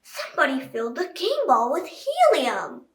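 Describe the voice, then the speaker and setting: Woman doing excited bleacher fan, loud exclaiming, high voice, echoey room. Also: unhurried. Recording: echoey room, voice far from mic.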